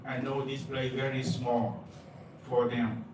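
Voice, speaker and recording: A man giving a public comment at a meeting. He speaks in halting, repetitive broken English, stumbling over his words. His voice comes from far off in a big echoey hall with steady noise underneath. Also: medium pitch.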